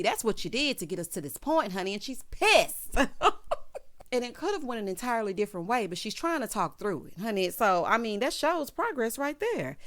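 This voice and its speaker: A woman host giving a casual, sassy recap of a reality show, talking with features and peppering her speech with "honey" and "child.". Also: a little high. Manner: sassy, chatty, full of "honey" and "child" asides.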